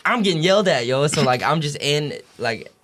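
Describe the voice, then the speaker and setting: A man's voice: fairly high pitch, expressive, brisk, fairly bright tone. Young man, slangy and profane storytelling. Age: young adult. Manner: rambling slang, heavy swearing, many fillers like "you know what I'm saying". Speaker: podcast guest, college basketball player. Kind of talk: casual interview chat.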